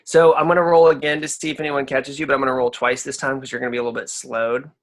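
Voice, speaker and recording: A man's voice: medium pitch, level tone, fast. A young man narrating as game master, loose and rambling with many fillers.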